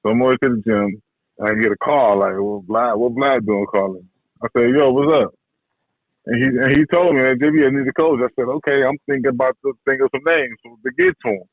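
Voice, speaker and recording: A man's voice: medium pitch, a little fast, no echo. Storytelling man on a dull, dry line. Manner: relaxed storytelling, slangy, repeats phrases. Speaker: boxing trainer, guest. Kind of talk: casual interview talk. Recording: dull podcast audio, dry.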